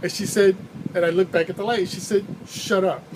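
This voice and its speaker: A man's voice: high-pitched, fairly even intonation, fast talker, very noisy. A male rideshare driver casually telling a rambling story, chuckling now and then as he goes. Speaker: rideshare driver and channel host.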